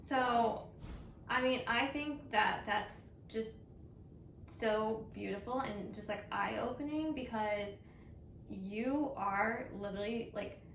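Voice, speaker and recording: Gravelly woman, a bit off-mic. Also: fairly high pitch, slow, fairly bright tone, echoey room, recorded from a distance, a little hiss or hum, poor audio. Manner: earnest, supportive, talks in long reflective runs. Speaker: co-host. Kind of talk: casual chat.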